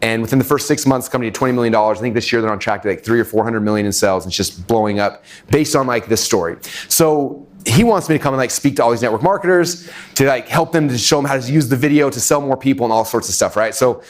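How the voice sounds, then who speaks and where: A middle-aged man telling a long personal story to a live audience, animated, with many fillers and acted-out quotes. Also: medium pitch, quick pace. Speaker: webinar speaker. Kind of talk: energetic storytelling talk.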